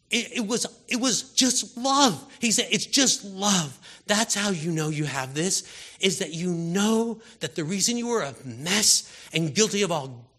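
Male preacher, husky and forceful, fervent sermon, from quiet murmurs to loud pleas. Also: fairly high pitch. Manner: impassioned, swings from hushed to loud exhortation.

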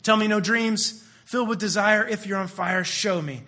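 A man's voice: sits high, normal speed, pushed and bright. A man singing the part of an exasperated young woman who is sick of hearing words and wants proof of love. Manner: sung, exasperated.

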